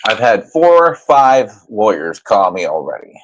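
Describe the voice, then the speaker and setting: A man's voice: fairly low pitch, very animated, a little slow, a little hiss or hum, low-quality recording. A man ranting over clips as a commentary YouTuber, profane and mocking. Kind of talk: reaction commentary rant.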